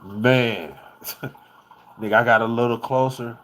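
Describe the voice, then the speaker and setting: A man recounting a story for a casual vlog, in a mid-range voice. He is animated and rambling and swears freely as he goes. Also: medium pitch, slow. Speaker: vlogger.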